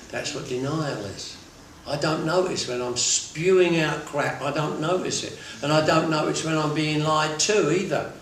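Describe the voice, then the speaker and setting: Brief: plain-spoken man addressing a recovery workshop, pitched a little high, heard from across a booming, echoey room. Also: fairly bright tone. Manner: blunt, conversational, mixes in laughs and asides. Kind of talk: informal talk to a recovery group. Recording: very echoey room, mic far off, faint noise.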